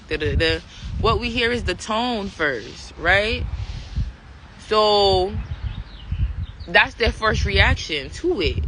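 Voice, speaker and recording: A woman's voice: medium pitch, fairly bright tone, low-quality recording. Woman musing aloud over background noise. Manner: conversational, full of fillers and "right?" check-ins. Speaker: vlogger. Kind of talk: casual reflective monologue.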